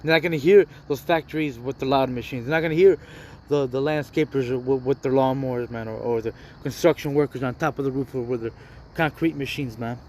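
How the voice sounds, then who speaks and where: A man's voice: medium pitch, a little fast, darkish tone, a little hiss or hum. A man giving an informal sermon, reading scripture and commenting in loose street talk, saying "man" and "all right" constantly.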